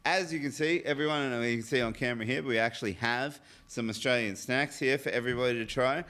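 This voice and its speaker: A man hosting a whiskey tasting show, explaining snacks and drinks in a relaxed way and swearing casually. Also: mid-range voice, quick pace, smooth.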